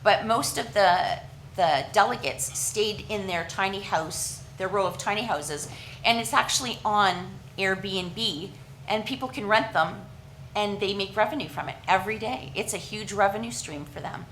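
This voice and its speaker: A woman from Canada giving an earnest, halting presentation at a council meeting, with frequent restarts and fillers. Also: medium pitch, fairly bright tone, a little hiss or hum, low-quality recording.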